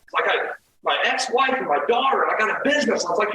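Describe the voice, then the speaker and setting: Animated swearing man in echoey room. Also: high-pitched, fast, noisy background. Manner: animated, swears, acts out quoted lines. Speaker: guest storyteller. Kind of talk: casual storytelling.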